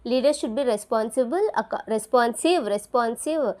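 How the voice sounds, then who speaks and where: A woman with a voice on the high side but a dark tone tutors for an exam at a normal speed. In this study-along lesson she repeats each key term aloud several times to memorize it and spells words out letter by letter.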